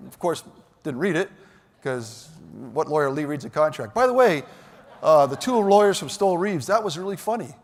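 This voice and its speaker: Male keynote speaker, lively storyteller, high-ish voice, long reverb of a big hall. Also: moderate pace, a little hiss or hum. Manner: animated, shouts punchlines. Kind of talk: storytelling speech. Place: large hall.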